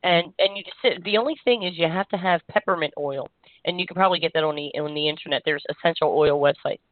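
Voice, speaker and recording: A woman energy healer hosting a call-in show, giving gentle, reassuring spiritual guidance in a meandering way. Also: lowish voice, fast talker, no room sound. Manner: gentle, reassuring, meandering with frequent "you know". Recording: dry, tinny phone-line sound.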